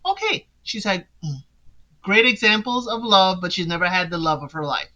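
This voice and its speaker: A woman's voice: mid-range voice, expressive, normal speed, bright, forceful tone, muffled recording. A woman hosting a reality TV recap who talks in a sassy, casual way and speaks straight to the people she discusses. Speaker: recap podcast host.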